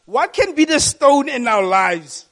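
Serving as a youth pastor, a man with a very high voice preaches to a congregation at an unhurried pace. He tells the story with liveliness and repeats key phrases to drive them home.

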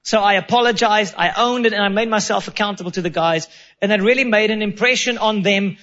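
A man's voice: high voice, fairly quick, pushed and bright, highs cut off. A man preaching a sermon, telling a personal story in an earnest, self-deprecating way, with quoted asides. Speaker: pastor.

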